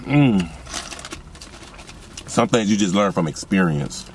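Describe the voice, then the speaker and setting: A young man talks low and a little deep, rambling with excitement as he speaks straight to his viewers. He records on a phone in a parked car. Faint car and street noise sits behind him. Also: takes it slowly. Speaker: vlogger and seasoning business owner. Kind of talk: casual car vlog while eating.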